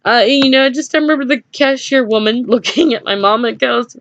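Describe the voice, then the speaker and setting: A woman's voice: fairly high pitch, fairly quick, a bit bright, dry recording. A woman telling a personal story in a casual vlog, hesitant, with many fillers and small nervous laughs. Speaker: vlogger. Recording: dry dull lo-fi home recording.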